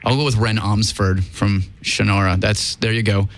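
A man's voice: fairly low pitch, little pitch movement, moderate pace. A man hosting a casual podcast, crude and laughing through loose banter. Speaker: podcast host. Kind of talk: casual crude comedy chat.

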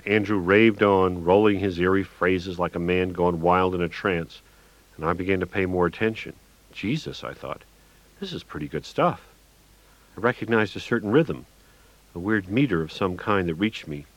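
A man's voice: sits low, moderate pace. A man narrating an audiobook in a wry, gritty storytelling manner, in a dull, lo-fi recording.

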